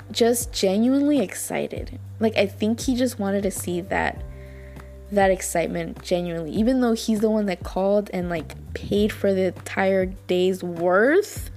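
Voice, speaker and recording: A young woman hosts a podcast, chatting casually as she reviews dramas and gushing in a rambling style packed with fillers and repetition. Her voice sits in the mid range with a darkish tone.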